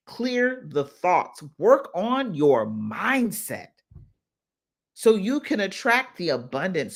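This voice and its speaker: A woman coach talking casually to her followers on a live stream. She is emphatic and heartfelt and repeats phrases for effect. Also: low-pitched. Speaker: business mindset coach.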